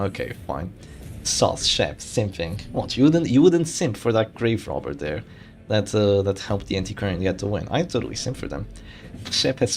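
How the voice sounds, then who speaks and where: Male streamer for live game commentary. Low voice with a lot of pitch movement, chatty and restarting his sentences, with faint game music behind. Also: gravelly. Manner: animated, chatty, thinking aloud with frequent restarts.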